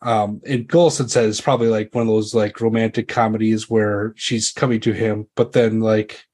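A man's voice: fairly low pitch, little pitch movement, normal speed, darkish tone. A man running a tabletop role-playing game, narrating casually with many fillers. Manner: rambling, full of fillers. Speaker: game master.

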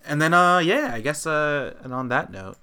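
A young woman co-hosts a podcast and wraps up the show in loose, casual talk. Her voice sits at an unusually deep pitch. She laughs easily and lets her sentences trail off with "um.". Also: expressive, normal speed, bright, forceful tone, smooth. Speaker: podcast co-host. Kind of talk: casual chat.

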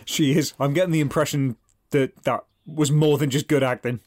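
Deadpan podcast host. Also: male voice, on the high side, moderate pace, no echo. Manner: dry, deadpan, sweary. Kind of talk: casual chat with scripted intro.

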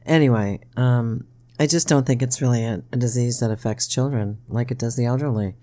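A podcast co-host in casual chat, an animated storyteller who laughs often and keeps saying "you know". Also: brisk. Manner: animated storyteller, jumps into high-pitched impressions, laughs often.

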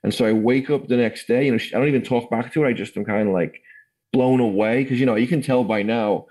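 A man's voice: mid-range voice, quick pace, darkish tone, low-quality recording. An English man in his forties, telling his life story in a rambling, casual way full of fillers. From England. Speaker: guest. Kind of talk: casual testimony interview.

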